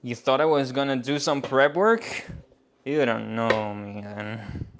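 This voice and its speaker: A man's voice: medium pitch, slow, noisy background. A man chatting casually on a cooking live stream, joking about himself and laughing often. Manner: giggly, joking, self-mocking.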